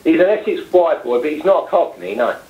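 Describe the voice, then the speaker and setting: A man with a London accent chats casually and hesitantly, stumbling over restarts. His voice sits a little high. The sound is dull and lo-fi, with a roomy echo. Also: animated, brisk, vocal fry. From London, England. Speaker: guest, cab driver. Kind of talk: casual chat.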